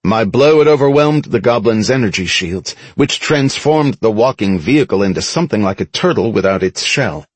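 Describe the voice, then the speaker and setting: A man narrates a first-person action story for an audiobook in a low, husky voice. His pitch swings widely with dramatic emphasis. The recording is close and dry. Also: lively intonation, moderate pace, few pauses, dry recording.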